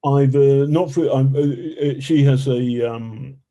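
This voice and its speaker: A man guesting as a journalist on a podcast, talking in a halting way with many fillers and restarts. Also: medium pitch, fairly even intonation, mellow. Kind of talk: podcast interview.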